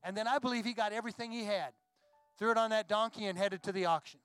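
Speaking at a quick pace, a high-voiced, smooth-toned pastor preaches a sermon, recounting a Bible story with emotion. The audio is dry and close-miked, free of room sound, with faint soft music beneath.

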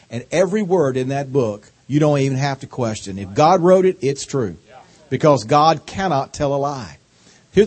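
A man's voice: a little high, darkish tone, slightly rough. A middle-aged man with a Southern accent preaching a sermon as a guest speaker, folksy and joking, drawing out his words. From North Carolina. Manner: folksy and joking, slow drawling delivery.

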